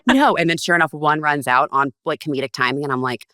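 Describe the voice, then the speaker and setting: A woman, a podcast guest, telling stories in a casual, animated way and acting out the lines of others with big jumps in pitch. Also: fast talker, hardly any pauses, no echo, clean studio sound. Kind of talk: casual storytelling.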